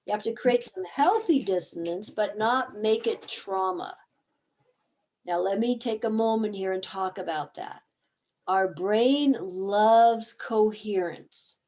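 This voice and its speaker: Woman therapist talking thru a play exercise, warm mellow voice, kinda dull lo-fi webinar sound. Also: mid-range voice, lively intonation, takes it slowly. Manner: explains with examples, briefly acting out game dialogue. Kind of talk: conversational teaching talk.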